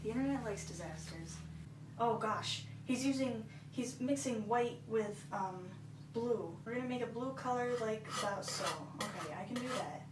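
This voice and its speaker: A woman's voice: a little high, normal speed. A woman vlogger giving casual, self-deprecating commentary while painting along, with exasperated asides. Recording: echoey room, far from mic, noisy.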